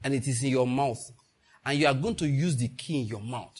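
A man's voice: medium pitch, a little fast, slightly rough. A man preaching a sermon to his congregation, acting out little dialogues and laughing along the way. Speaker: pastor.

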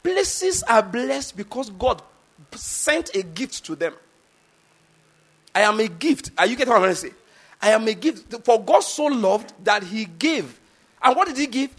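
Emphatic Nigerian pastor, high voice. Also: male voice, expressive, normal speed, fairly bright tone. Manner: emphatic, repetitive, asks the congregation questions. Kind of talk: sermon.

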